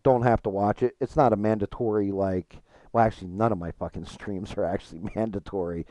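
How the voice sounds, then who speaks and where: A man's voice: lowish voice, fairly even intonation, fairly quick, dark tone, no room sound. A man chatting casually with his stream chat while gaming, frank and profane, rambling and restarting his thoughts.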